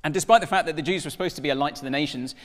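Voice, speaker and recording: Animated preacher in a reverberant hall. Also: male voice, a little high, racing. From Wales. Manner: animated storytelling, acts out dialogue in voices. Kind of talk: sermon.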